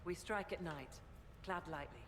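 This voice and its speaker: A woman's voice: fairly low pitch, normal speed, fairly bright tone, close to an everyday voice. An actress voicing a stern female warrior chieftain in a video game, clipped and commanding.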